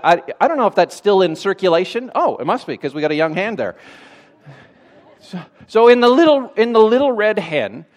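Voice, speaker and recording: A man preaching a sermon in a conversational way, with dry sarcastic asides. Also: fairly high pitch.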